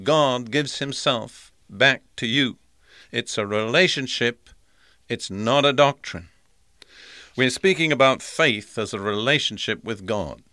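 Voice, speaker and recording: Earnest male preacher, bright voice. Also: medium pitch, no echo, clean studio sound. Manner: earnest, emphatic repetition. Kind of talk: sermon.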